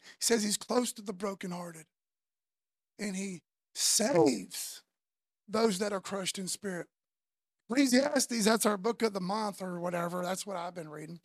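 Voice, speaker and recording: Gravelly fifty-something preacher from Florida. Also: male voice, high voice, unhurried, no room sound, clean studio sound. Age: 50s. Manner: conversational preaching, says "man" often, swings between loud and soft. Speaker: pastor. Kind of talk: sermon.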